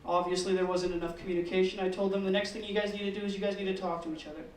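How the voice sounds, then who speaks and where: A man performing a stand-up comedy set, telling a classroom story in a deadpan way, cursing, and squealing when he acts out the kids. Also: sits high, rapid-fire, a little hiss or hum. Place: comedy open mic room. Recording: echoey room, mic heard from a distance.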